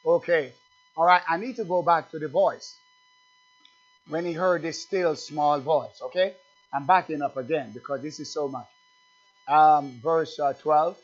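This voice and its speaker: A man preaching a sermon, emphatic and fervent, swinging from loud bursts to low conversational asides and quizzing his congregation. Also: measured pace. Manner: asks the congregation questions. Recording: dull lo-fi church recording.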